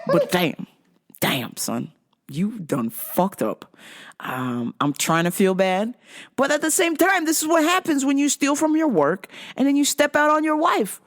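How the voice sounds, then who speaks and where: A young adult woman hosting a podcast, telling a story in a profane, casual way and laughing loudly and often. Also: sits high, big pitch swings, moderate pace. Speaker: podcast host.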